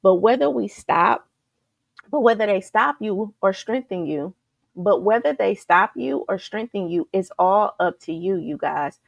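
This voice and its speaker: Woman coach, fired-up motivational talk, gravelly edge, dry close sound, keeps asking the listeners questions. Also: medium pitch, unhurried, no echo. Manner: energetic, repetitive, rhetorical questions, keeps saying "you guys". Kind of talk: live motivational talk to an online group.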